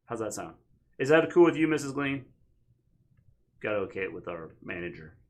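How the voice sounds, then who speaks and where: A man's voice: on the low side, very animated, moderate pace, a little mellow. A man co-hosting a casual wrestling talk stream, joking and reading comments aloud. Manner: joking, rambling, reads chat aloud. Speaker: wrestling podcast co-host. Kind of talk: casual chat on a live stream.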